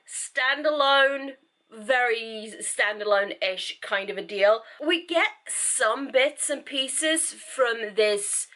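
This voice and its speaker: Woman, book vlogger, rambling casual chat, slow pace, bright voice. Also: fairly high pitch. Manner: rambling, chatty, self-interrupting.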